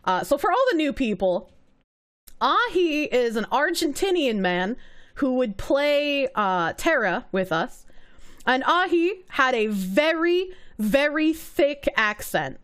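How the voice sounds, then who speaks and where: High, lively female streamer. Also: takes it slowly. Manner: animated, laughs often, swears casually. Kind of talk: casual livestream commentary.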